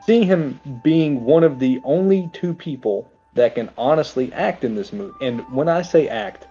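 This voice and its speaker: A man's voice: medium pitch, warm tone. A man co-hosting a casual movie podcast, riffing sarcastically and now and then jumping into over-the-top quoted voices. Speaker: podcast co-host. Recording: slightly dull, lo-fi audio.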